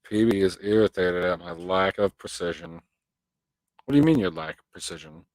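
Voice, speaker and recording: A man with a low, slightly mellow voice hosts a live stream at a moderate pace, chatting casually with viewers and reading their comments aloud. He swears freely and wanders into rambling rants. The audio is poor but dry, with no room sound.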